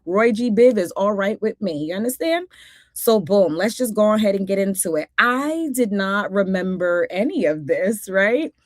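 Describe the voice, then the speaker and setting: A woman's voice: medium pitch, animated, normal speed, no echo, clean studio sound. A woman hosting a casual cartoon recap vlog, talking in a sassy, exclamatory way full of playful asides. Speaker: host.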